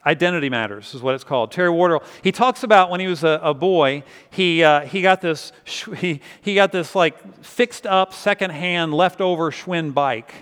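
Guy pastor giving a sermon, kinda high voice, chatty storytelling, big echoey church. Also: normal speed, hardly any pauses, fairly bright tone, smooth. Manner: conversational storytelling, repeats words as he goes. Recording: long reverb of a large hall.

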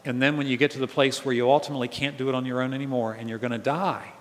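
A male pastor preaching a conversational sermon, animated, swinging between loud emphatic lines and soft asides. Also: medium pitch, racing. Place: church sanctuary. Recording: reverberant church hall.

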